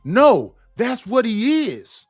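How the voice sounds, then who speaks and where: A man's voice: very high voice, big pitch swings, takes it slowly, no room sound, faint music behind. A middle-aged man talking bluntly and profanely on a panel, rambling and stopping to restart his sentences. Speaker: panel guest. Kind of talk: casual opinion talk.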